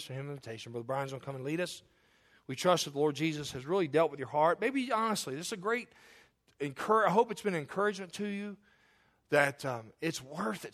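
A man's voice: on the high side, a bit bright. Emphatic preaching pastor, man. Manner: emphatic, repetitive preaching cadence; earnest, personal asides to the congregation. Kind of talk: sermon with altar call.

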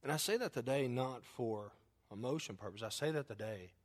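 A man preaching a sermon and telling a family story in a folksy way, moving between loud emphasis and quiet, hushed lines. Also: mid-range voice, fairly quick. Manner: acts out quotes in his story. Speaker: pastor.

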